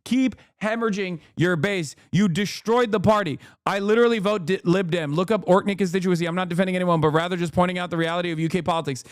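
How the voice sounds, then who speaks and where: A man's voice: sits high, clear, resonant tone, dry recording, studio quality. Sarcastic American man ranting on stream. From United States. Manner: sarcastic, fast, profane ranting. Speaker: streamer, political commentator. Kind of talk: live stream political commentary.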